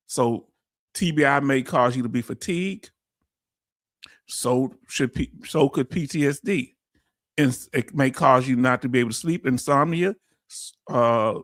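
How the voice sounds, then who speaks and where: Energetic Houston man hosting a livestream. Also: medium pitch, dry recording, clean studio sound. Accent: Houston, Texas. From Houston, Texas. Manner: energetic, folksy, calls audience "family". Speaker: host. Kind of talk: casual live-stream explainer.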